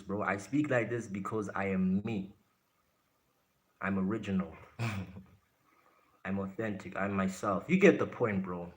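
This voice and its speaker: A man's voice: low voice, a little slow, pauses often. A man from South Africa hosting a live stream, casually answering his chat in a blunt way and laughing often.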